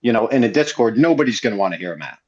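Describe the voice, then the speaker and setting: A man's voice: on the low side, very animated, very fast. Earnest man on a muffled call. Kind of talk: casual voice chat. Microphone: online voice call.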